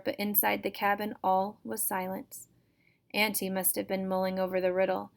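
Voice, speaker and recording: Woman reading a storybook in a flat, steady voice. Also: medium pitch, moderate pace, creaky. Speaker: teacher reading to students. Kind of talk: first-person storybook read-aloud.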